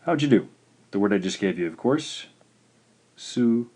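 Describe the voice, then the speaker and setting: A man teaching in a recorded video lesson, patient and slow, saying each syllable out clearly. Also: fairly low pitch, expressive, darkish tone. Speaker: language teacher.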